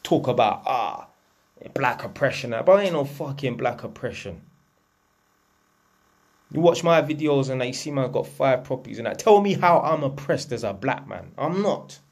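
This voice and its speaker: A man's voice: mid-range voice, animated, moderate pace. A man, delivering a blunt, profane, lecturing rant to camera as a vlogger. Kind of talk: unscripted ranting monologue.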